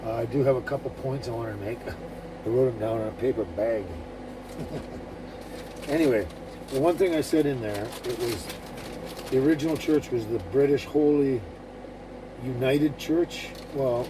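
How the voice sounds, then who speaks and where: A man's voice: medium pitch, moderate pace, long pauses. A man talking casually to camera, rambling with many fillers and restarts. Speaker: vlogger. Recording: distant mic with background noise.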